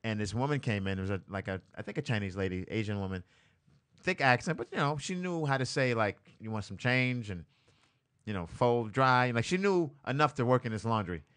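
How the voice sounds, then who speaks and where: A man telling comic stories in casual podcast talk. His voice is bright and forceful. He acts out what people said and laughs often. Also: mid-range voice, brisk, smooth. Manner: animated storyteller, laughs often, acts out quotes. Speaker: comedian guest. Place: studio, live-streamed.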